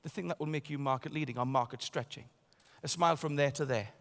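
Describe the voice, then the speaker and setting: A man giving a motivational conference keynote, telling a story and swinging between loud bursts and quiet asides. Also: on the high side, quick pace, gravelly. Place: large conference hall. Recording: long hall reverb.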